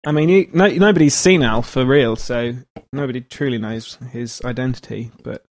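A man's voice: mid-range voice, moderate pace, a little mellow, no echo, clean studio sound. A man co-hosting a podcast, bantering and laughing often. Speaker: podcast co-host. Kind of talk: casual banter.

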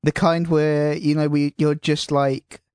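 A man's voice: fairly high pitch, level tone, unhurried, a little mellow, clear, resonant tone. Man hosting a podcast, rambling. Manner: rambling, self-deprecating, swears casually. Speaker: podcast host. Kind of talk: casual chat.

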